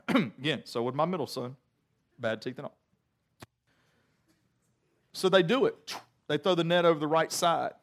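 A man with a high voice delivers a sermon, telling the story with animated humor. His delivery is lively and conversational, with jokes dropped in along the way. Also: unhurried, pauses often. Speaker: preacher.

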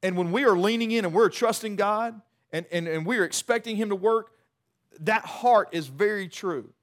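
A middle-aged man, preaching a sermon in a conversational, animated way with many restarts. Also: high voice, normal speed. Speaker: pastor.

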